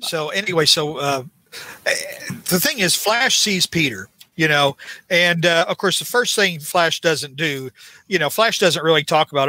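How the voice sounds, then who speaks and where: A man's voice: a little high, lively intonation, moderate pace, pushed and bright. A man hosting a casual podcast, recapping a comic book in a rambling, exasperated way, full of restarts. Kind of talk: casual chat.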